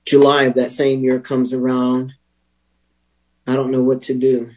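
A man telling his recovery story as a personal testimony, candid and wry, with emotional pauses. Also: mid-range voice, completely flat delivery, a little mellow, rough recording. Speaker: speaker sharing a recovery story.

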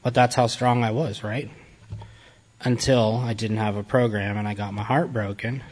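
A man's voice: on the low side, steady tone, moderate pace, darkish tone, slight background noise. A man giving a candid personal testimony to a group, blunt, profane and self-mocking. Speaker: recovery speaker addressing a group.

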